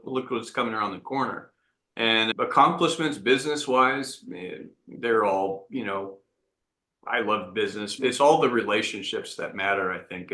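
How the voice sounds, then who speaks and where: A man's voice: fairly low pitch, pushed and bright, roomy sound. A man speaking earnestly as an entrepreneur guest in an interview, often restarting his sentences. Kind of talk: reflective interview talk.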